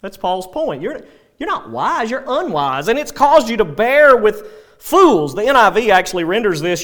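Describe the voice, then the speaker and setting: A male pastor preaching a sermon, animated, with dry sarcastic asides. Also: high-pitched, moderate pace.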